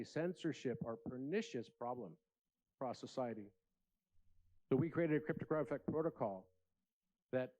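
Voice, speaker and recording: At a conference, a man gives an earnest, inspirational keynote in a large room, using acted voices as he tells stories. His medium-pitched voice has a dark tone, and the audio sounds dull.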